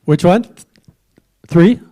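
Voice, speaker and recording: A man's voice: sits high, drawn-out words, warm tone. A man hosting a trivia quiz at a club meeting, joking with the tables and offering hints for a dollar.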